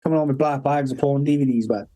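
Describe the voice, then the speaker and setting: A man's voice: medium pitch, fast talker, warm tone, rough recording. A man telling rambling anecdotes as a podcast guest, swearing constantly and breaking into laughter. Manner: heavy swearing, laughing, acting out quoted voices. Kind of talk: casual anecdotal storytelling.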